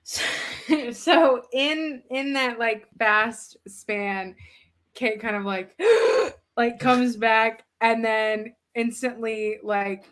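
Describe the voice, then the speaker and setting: A woman player describing her character's turn at a tabletop game, her voice bright and a touch high. She takes her time, drifting through filler words and breaking into giggles as she goes. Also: very slow. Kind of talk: casual tabletop game play.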